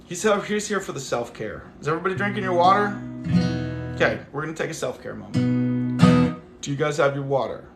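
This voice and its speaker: A man's voice: fairly high pitch, expressive, brisk, gravelly, pauses often, reverberant, music in the background. A man hosting a casual livestream, talking to his viewers in a rambling, affectionate way full of "like". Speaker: livestream host.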